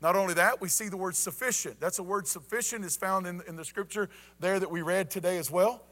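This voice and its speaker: Male preacher, bright high voice, folksy sermon delivery with lots of asides to the congregation. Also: fairly quick. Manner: folksy, repeats "you ready?" and "y'all". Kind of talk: informal evening sermon.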